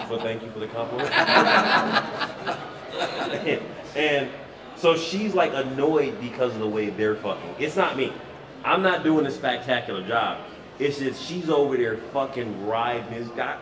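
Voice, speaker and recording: Laughing man telling a story in a loud room. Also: medium pitch, measured pace, echoey room, distant mic, a crowd in the background, low-quality recording. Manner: animated, laughing storyteller acting out quoted dialogue. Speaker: podcast co-host. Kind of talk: casual storytelling chat.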